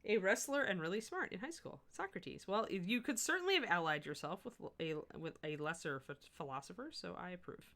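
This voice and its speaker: Brisk and with few pauses, a middle-aged woman with a lowish voice hosts a miniature painting livestream. She chats casually, answers the chat, and thinks aloud while she works, animated and often correcting herself.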